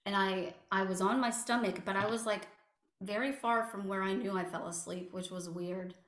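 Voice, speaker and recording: A woman recounting a painful personal story as an interview guest, halting and full of fillers and restarts. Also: mid-range voice, steady tone, fairly bright tone. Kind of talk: personal testimony. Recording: echoey room.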